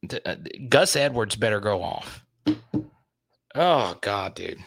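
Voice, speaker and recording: A man's voice: on the low side, animated, slow, vocal fry, a bit bright, husky, no room sound. A young adult man hosting a casual sports talk show, rambling and thinking aloud, openly frustrated.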